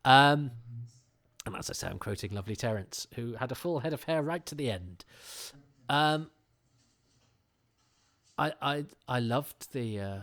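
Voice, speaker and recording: A man's voice: medium pitch, expressive, a little slow, gravelly, pauses often, a bit bright. A middle-aged man hosting a podcast, chatting casually in a rambling way with many restarts. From England. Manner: rambling, self-interrupting, with frequent fillers and restarts. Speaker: podcast host.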